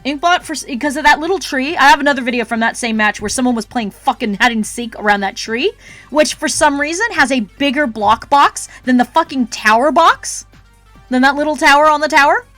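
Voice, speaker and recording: A woman with a fairly high voice rants on her stream, salty and swearing freely. She talks casually to her chat, and faint music plays under her voice. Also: a little fast, a bit bright, dry recording. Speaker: art streamer.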